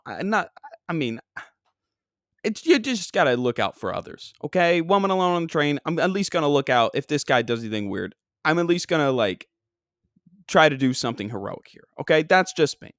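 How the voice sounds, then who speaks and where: A man's voice: fairly high pitch, dry recording, studio quality. A man hosting a podcast on his own, telling a comedic story in a rambling, self-deprecating way with lots of restarts. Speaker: podcast host. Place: New York.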